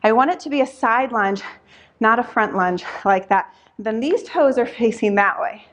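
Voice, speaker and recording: A young adult woman leads a Pilates class as she works through it herself, her voice sitting a little high. She is out of breath and counts the reps aloud, with breathy sighs between the counts. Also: animated, normal speed, fairly bright tone. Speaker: pilates instructor. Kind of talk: workout instruction while exercising.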